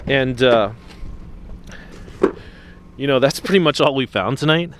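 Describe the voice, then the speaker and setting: A man chatting to the camera while trash picking outdoors at night, excitable, through a small camera-mounted mic. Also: medium pitch, unhurried, noisy background. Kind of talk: casual vlog narration.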